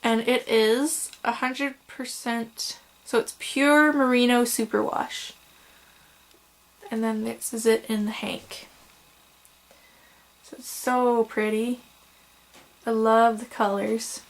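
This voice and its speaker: A woman's voice: on the high side, fairly even intonation, slow pace, pauses often. A young woman chatting casually at home about her yarn, gushing and rambling a little, tired and fighting hiccups. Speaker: crochet vlogger. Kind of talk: casual show-and-tell vlog.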